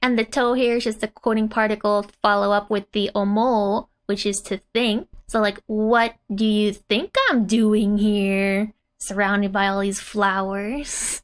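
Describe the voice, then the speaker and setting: A woman's voice: medium pitch, flat delivery, unhurried. A woman teaching a casual language lesson in a chatty way, often laughing and saying "like". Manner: chatty and giggly, with filler "like". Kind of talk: casual lesson explaining manga dialogue.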